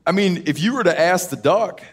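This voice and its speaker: A man hosting a live podcast, bantering and joking with his co-hosts in a lively way. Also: sits high, brisk, slight background noise. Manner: lively, joking, bouncy delivery. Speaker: podcast host.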